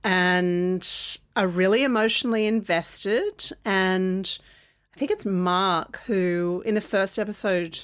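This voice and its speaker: A woman co-hosts a podcast, griping with wry, self-aware humor. Her pitch sits right in the middle, and the sound is dry and close to the mic. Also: takes it slowly, a bit bright, clean tone, dry recording. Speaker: podcast co-host. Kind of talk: casual chat.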